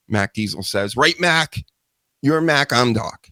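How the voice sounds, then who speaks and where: A man's voice: medium pitch, expressive, a little slow, bright, forceful tone, dry recording. A man hosting a live wrestling news show, talking in a rambling, joking way with self-mocking asides. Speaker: host.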